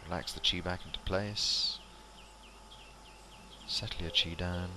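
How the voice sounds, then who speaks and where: A man leading a qigong exercise class, calmly cueing each movement and breath step by step. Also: low voice, a little slow, noisy background. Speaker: qigong instructor. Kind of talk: guided exercise instruction.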